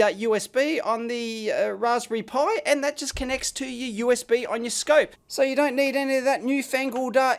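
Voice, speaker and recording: Australian man, electronics host, casual bench demo, excitable, blokey slang. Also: very high voice.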